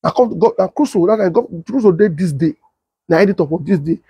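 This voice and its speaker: A young adult man with a Nigerian Pidgin English accent, telling a story and acting out the voices of others in a husky tone. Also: fairly quick, dry recording. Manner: switches to high excited voice when quoting others. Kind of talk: animated storytelling with acted-out quotes.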